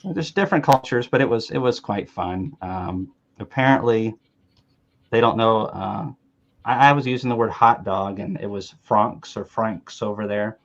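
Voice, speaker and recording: A man's voice: on the low side, moderate pace, highs cut off. A man from the American South telling rambling, joking stories in a casual chat, often restarting his words.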